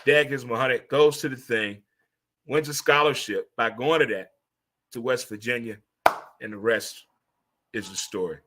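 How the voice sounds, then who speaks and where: A man from St. Louis hosting a casual monologue, animated and preachy, swearing freely as he gives pep talks. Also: mid-range voice, normal speed, long pauses, noisy background. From St. Louis, USA. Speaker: host.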